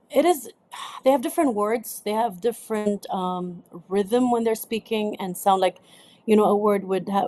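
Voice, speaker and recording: A woman from the United Arab Emirates, a film director, answering interview questions in a lively way with frequent restarts and laughter. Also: medium pitch. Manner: animated, laughs often, many restarts.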